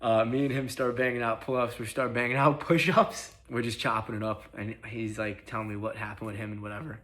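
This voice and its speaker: A man's voice: medium pitch, level tone, a bit bright. A young man casually recounting a personal story in a profane, slang-heavy way, acting out the lines of the people in it. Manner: profane, slangy, quick retelling with acted-out quotes. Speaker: vlogger.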